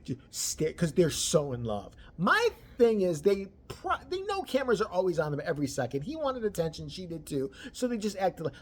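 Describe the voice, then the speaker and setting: A person ranting about celebrity gossip, crude and mocking, swearing constantly and swinging between loud outbursts and low mutters. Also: very animated, normal speed, hardly any pauses. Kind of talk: profane ranting commentary.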